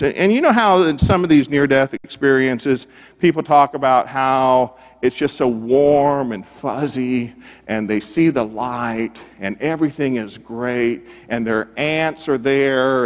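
A man delivers a sermon as a story, earnest and steady in a middle pitch. He repeats phrases for weight and drops his voice to a hush at the key moments. His words ring with a long reverb, as in a church sanctuary. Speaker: preacher.

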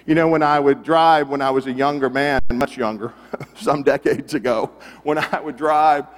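A middle-aged man preaching a sermon, conversational and animated, full of rhetorical questions. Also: mid-range voice, normal speed, big-room sound. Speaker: pastor.

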